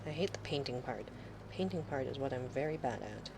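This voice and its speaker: A woman's voice: extremely low pitch, animated, fairly quick, gravelly, background noise. A woman in her thirties chatting casually on a live stream, rambling and sarcastic, swearing freely.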